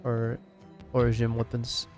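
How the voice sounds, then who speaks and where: A man's voice: mid-range voice, monotone, unhurried, a little mellow, faint music behind. A man streaming a game live, chatting casually with lots of swearing and rambling restarts.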